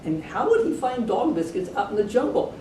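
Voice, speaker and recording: Chatty woman reading a storybook to kids. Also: fairly quick. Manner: chatty, animated, adds asides to the kids. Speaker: storybook reader for children. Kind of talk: reading a picture book aloud to children. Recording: echoey room, distant mic, low rumble.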